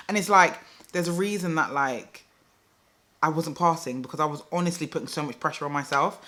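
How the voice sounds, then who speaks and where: This is a young woman, chatting straight to camera. Her voice is bright and forward. She rambles casually and drops "like" into nearly every sentence. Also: low voice, fast. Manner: chatty, fills speech with "like", addresses viewers as "guys". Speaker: vlogger.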